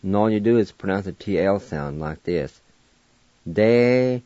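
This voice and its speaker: A radio language teacher patiently spells out words one letter at a time and pronounces them in a slow spelling lesson. His voice sits low and mellow, his delivery brisk. The recording has no echo and sounds muffled.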